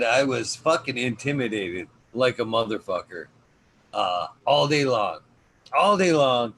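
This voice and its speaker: A man's voice: medium pitch, fairly bright tone, slightly rough. A man hosting a podcast, telling a story in a rambling, profane way with plenty of fillers. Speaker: podcast host. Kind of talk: casual storytelling.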